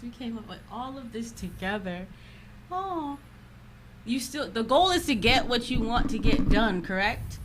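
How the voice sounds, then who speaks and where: A woman's voice: fairly high pitch, fairly bright tone, a little hiss or hum. A young woman guest in casual podcast chat, confident and playful, laughing often.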